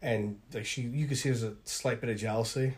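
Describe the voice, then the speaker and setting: A man's voice: medium pitch, fairly even intonation, a little fast. A man with an ordinary mid-range voice chats casually on a podcast about old films. He asks questions, offers trivia, and keeps the conversation moving. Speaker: podcast co-host. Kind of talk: casual chat.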